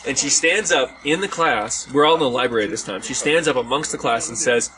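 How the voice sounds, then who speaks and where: A man's voice: medium pitch, a little fast, few pauses, rough recording. A man from Hawaii, a podcast host, telling a long story in casual chat among friends and acting out the voices of the people in it. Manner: animated, acts out quoted voices. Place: outdoors around a fire at a party. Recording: outdoor party gathering with background noise.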